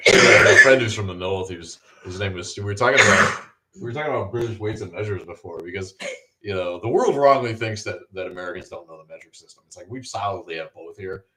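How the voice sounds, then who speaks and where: A man co-hosting a casual livestream chat, animated, joking and swearing freely. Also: fairly low pitch, echoey room, recorded from a distance, noisy background. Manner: animated, profane, jokey. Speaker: podcast co-host. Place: garage.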